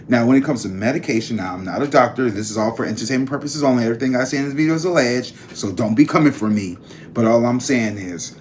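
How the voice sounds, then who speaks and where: A man's voice: medium pitch, darkish tone, slight background noise. A man hosting his own vlog, chatting casually and emphatically to his viewers. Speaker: tarot reader and vlog host. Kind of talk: casual chat to camera.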